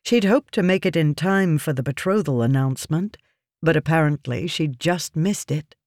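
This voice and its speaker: A narrator reading a fantasy novel aloud in a measured, deliberate manner. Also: medium pitch, darkish tone, no room sound, studio quality. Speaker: audiobook narrator.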